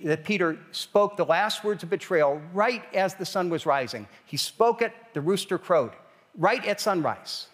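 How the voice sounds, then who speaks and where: A man's voice: a little high, long reverb tail. A man preaching a sermon as pastor, in a conversational style that builds to emphatic questions.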